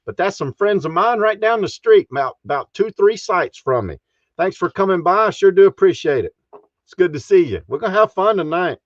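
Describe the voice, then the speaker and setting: Man, folksy stream host, high lively voice, dry dull sound. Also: fairly quick, dry recording. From Texas. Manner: folksy, chuckles often. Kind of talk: casual live stream chat.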